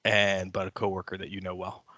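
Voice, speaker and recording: An American man co-hosting a podcast in lively casual chat, animated and opinionated. His tone is bright and forceful. He is recorded close on a dry mic. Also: low-pitched, fairly quick, dry recording, highs cut off. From United States. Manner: animated, acts out quotes with loud shouting. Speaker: podcast co-host.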